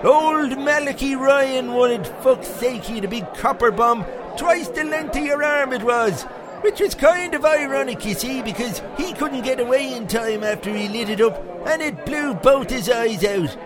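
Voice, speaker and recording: A man's voice: very high-pitched, normal speed, a crowd in the background. A man voicing a crude, boastful Irish pub regular who rambles through foul-mouthed stories, with an Irish accent. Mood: rambling. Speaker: segment presenter. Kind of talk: comic monologue character.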